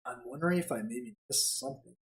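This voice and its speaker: Talking quickly in a mid-range voice, a let's play streamer reads game dialogue out loud and chats casually, frequently cracking up at their own reading. The recording is low quality.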